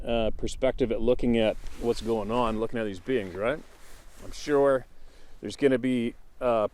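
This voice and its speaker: A man hosting his channel, reading a viewer's email aloud in a measured, list-like way, then musing hesitantly with fillers. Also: medium pitch, darkish tone.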